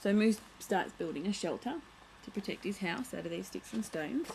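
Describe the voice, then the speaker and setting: A woman's voice: mid-range voice, expressive, normal speed, gravelly, a little mellow, a little hiss or hum, poor audio. A young woman vlogging at home, chatting casually as she shows and reads from a children's picture book, full of playful asides.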